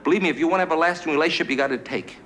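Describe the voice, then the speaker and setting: A man's voice: on the high side, rapid-fire, heavy background noise. Wisecracking middle-aged man doing stand-up. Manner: brash, wisecracking punchline delivery. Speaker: stand-up comedian. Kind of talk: stand-up comedy routine. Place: TV studio stage. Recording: 1970s live TV broadcast with a roaring audience. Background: audience laughter.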